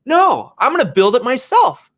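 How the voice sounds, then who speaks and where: A man voicing his restless, excitable middle-aged uncle who builds houses himself, in a breezy, matter-of-fact way. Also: very high voice, moderate pace, voice pushed up, full character voice.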